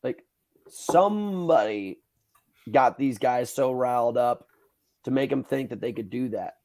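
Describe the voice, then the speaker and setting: A man in his thirties hosting a podcast, telling stories in a casual, animated way, swearing freely and acting out what people said. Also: mid-range voice, a little slow. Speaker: podcast host. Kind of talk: casual storytelling chat.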